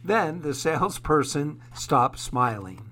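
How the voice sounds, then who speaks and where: A man hosting a program, reading a children's story aloud in a gentle, measured way. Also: a little high, sing-song.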